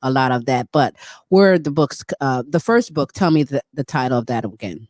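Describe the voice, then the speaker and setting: A woman's voice: a bass voice, lively intonation, normal speed, darkish tone, dry recording, clean studio sound. A woman hosting a talk show, laughing often and encouraging her guest in casual chat.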